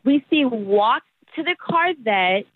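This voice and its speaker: A woman's voice: fairly high pitch, animated, slow, no room sound. A woman on the phone to a radio show, telling a story in a chatty way full of "like". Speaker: caller on the phone. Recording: tinny phone line.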